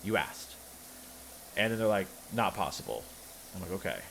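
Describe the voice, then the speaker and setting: A man's voice: low voice, sing-song, moderate pace, gravelly, a bit bright, slight background noise. A man, telling a rambling personal story on a livestream, wry and full of restarts. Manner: rambling, self-interrupting, wry. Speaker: streamer. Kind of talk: casual storytelling chat.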